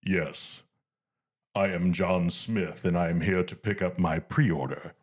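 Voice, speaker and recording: A man imitating a cosplayer in a dark armored lord's mask, speaking deep and slow through a voice changer. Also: fairly even intonation, slightly rough, heavily acted. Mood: formal. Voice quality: deep, slow, mechanical-sounding.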